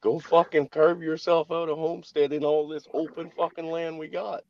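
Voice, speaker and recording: A man's voice: fairly high pitch, little pitch movement, normal speed, vocal fry, dry recording, dull audio. A man in casual group chat, talking emphatically and swearing freely. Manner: profane, emphatic.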